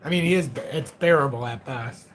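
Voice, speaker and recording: A man's voice: mid-range voice, a little fast, a little hiss or hum. A man in his forties hosting a crypto livestream, chatting casually in a rambling, joking, self-mocking way. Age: 40s.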